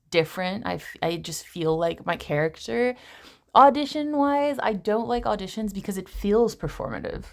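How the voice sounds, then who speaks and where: A young woman's voice with a gravelly, fry-tinged texture, talking at home. She reads a passage in a soft, slow way, then slips into loose, chatty asides full of swearing and self-mocking laughs. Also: medium pitch. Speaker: actress vlogger. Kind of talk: casual vlog with a book reading.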